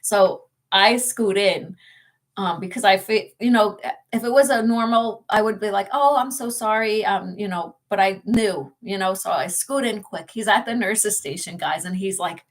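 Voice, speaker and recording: A woman talking straight to her viewers in a loose, chatty vlog, sharing a story. She laughs often and pads her sentences with fillers. Her voice sits at an ordinary middle pitch. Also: normal speed. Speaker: ghost-hunting channel co-host.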